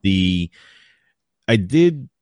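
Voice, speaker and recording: A man's voice: low voice, very animated, extremely slow, a little mellow, no echo, studio quality. A man co-hosting a podcast, chatting casually about a horror movie, rambling and swearing, sometimes acting out lines in mock voices. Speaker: podcast co-host.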